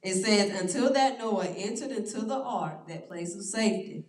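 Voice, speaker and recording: A woman leading a church Bible study, reading verses slowly and stressing words, with frequent "all right" checks to the class. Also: medium pitch. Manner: slow, drawn-out scripture reading with stressed words. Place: church room. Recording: roomy echo, distant mic.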